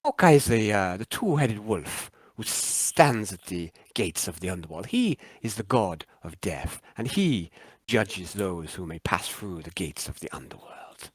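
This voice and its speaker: Man doing a proud old warrior, defiant, deep lively voice, dry close sound. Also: unhurried, breathy edge, no echo, full character voice. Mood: grave. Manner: solemn, grave and defiant.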